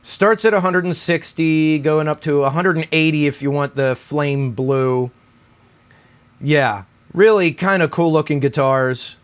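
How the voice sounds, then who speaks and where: A man's voice: on the high side, unhurried, clear, resonant tone. A middle-aged man chatting casually in a guitar vlog, a little out of breath after a run and rambling with lots of "right?". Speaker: guitar review YouTuber.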